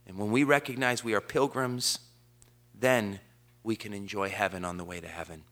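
A man preaching a sermon, quoting scripture in a measured cadence and building to slowed, emphatic declarations. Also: fairly low pitch, steady tone, fairly bright tone. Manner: impassioned preaching. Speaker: pastor.

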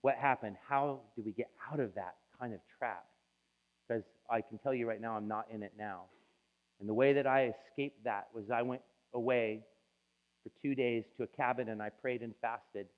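A man's voice: medium pitch, fairly even intonation, normal speed. A man preaching a sermon as a pastor, telling his own story in an emotional, confessional way. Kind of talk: sermon testimony. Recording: tinny phone-like sound.

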